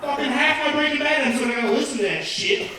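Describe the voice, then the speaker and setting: A man doing a profane, animated stand-up set in a comedy club, incredulous and ranting. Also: extremely high pitch, rapid-fire, background noise. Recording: echoey club from far off, crowd.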